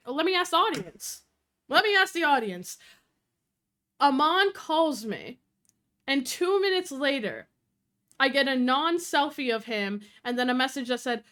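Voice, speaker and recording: A young woman streamer chatting casually on a live stream, telling stories quickly, swearing, and acting out quoted voices. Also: high-pitched, bright, forceful tone.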